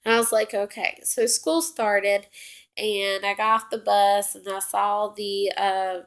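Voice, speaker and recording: A young woman recounts a story from her own life in a slow, unhurried way. She rambles and corrects herself often, with plenty of fillers, at an ordinary middle pitch. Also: flat delivery, vocal fry, fairly bright tone. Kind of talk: casual personal story.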